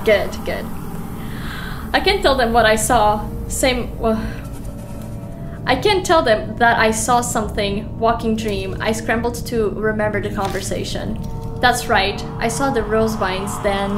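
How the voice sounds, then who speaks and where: A young woman streaming a horror game, reading the text aloud with animated, giggly reactions between stretches of calm narration. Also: mid-range voice. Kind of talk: reading a horror visual novel aloud while playing.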